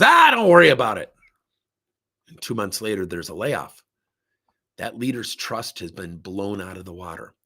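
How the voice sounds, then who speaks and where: Animated gravelly-voiced man. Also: on the low side. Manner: animated storytelling, acts out quoted voices. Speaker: workplace coaching consultant. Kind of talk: talk to camera.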